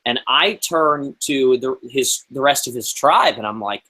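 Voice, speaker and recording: A young man in his twenties, a guest on a chat show, telling a story in a lively, animated way, full of fillers and acted-out quotes. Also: medium pitch, measured pace, poor audio. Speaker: interview guest. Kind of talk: casual storytelling.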